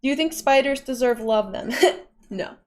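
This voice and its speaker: A woman's voice: sits high, animated, normal speed. A young woman livestreaming, casually reading and answering chat with playful giggles.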